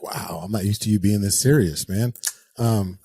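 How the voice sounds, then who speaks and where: A husky man in his forties, a podcast guest, talks in an easygoing, joking way. He often pauses and hesitates with fillers. His voice sits fairly low. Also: warm tone. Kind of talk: conversational interview.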